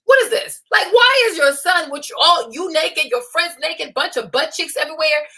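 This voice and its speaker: A young woman with a high, bright voice hosts her own talk stream. She lectures bluntly and scolds her listeners, launching into animated rants and mocking the people she quotes. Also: fairly quick, hardly any pauses. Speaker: host. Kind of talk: unscripted opinion livestream.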